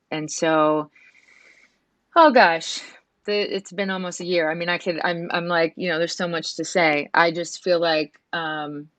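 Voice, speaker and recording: Low-voiced woman, halting and earnest. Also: dry recording. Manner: halting, with many restarts and fillers; soft and earnest. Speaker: guest. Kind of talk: emotional interview.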